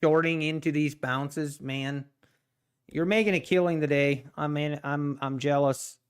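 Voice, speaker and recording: A man chatting casually on a live stream about his trading, relaxed and rambling, often poking fun at himself. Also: a little high, a little slow, clean tone. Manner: relaxed, rambling, self-deprecating, chuckles often. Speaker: livestream day trader.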